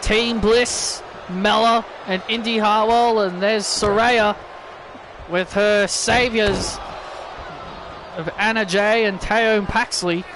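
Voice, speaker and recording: A man doing excitable play-by-play wrestling commentary over a video game, yelping at big moves and joking sarcastically about glitches. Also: sits high, slow pace, noisy background.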